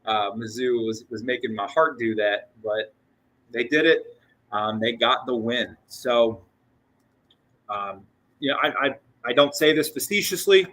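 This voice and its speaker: A sports podcast host with a bright, forward, medium-pitched voice rambles excitedly through a casual postgame show, restarting sentences and doubling up on words. He speaks a little slowly and sounds a bit short of breath, and the recording quality is low.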